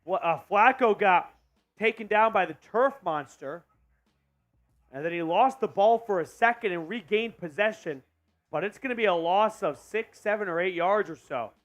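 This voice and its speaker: A man hosting a live stream and calling a football game as a fan, getting excited and shouting on big plays. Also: high voice, moderate pace, dry recording, faint music behind. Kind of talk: fan play-by-play commentary.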